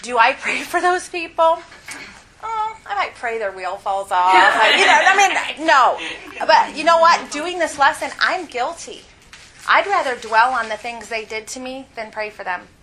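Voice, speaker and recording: A woman's voice: sits high, animated, unhurried, a crowd in the background, poor audio. A middle-aged woman teaching a Bible lesson at church, candid and confessional, laughing often as she talks.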